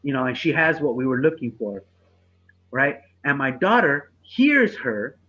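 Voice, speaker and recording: Lively husky man telling a story. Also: mid-range voice, unhurried, lo-fi sound. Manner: animated, profane, laughs through the punchline. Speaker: comedian podcast co-host. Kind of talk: casual storytelling.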